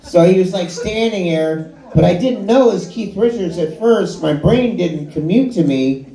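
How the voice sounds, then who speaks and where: A man's voice: high voice, lively intonation, moderate pace, noisy background. A middle-aged man doing stand-up comedy in a bar and grill, telling rambling, self-deprecating, profane anecdotes. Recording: echoey live room.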